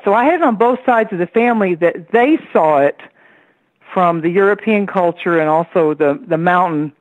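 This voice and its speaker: A woman's voice: lowish voice, normal speed, no echo. Woman telling stories over a tinny phone line. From Tennessee, USA. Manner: lively storyteller who acts out the voices of relatives. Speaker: radio guest, psychic astrologer. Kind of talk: personal storytelling on a call-in radio show. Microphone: telephone.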